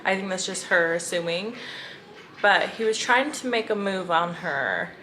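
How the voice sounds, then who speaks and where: A young woman in a casual vlog, talking straight to her viewers in a gushing, storytelling way. Her pitch sits in an ordinary middle range. A faint hiss runs under her voice. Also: lively intonation, measured pace, sharp tone. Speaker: book vlogger. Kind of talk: casual chatty reading vlog.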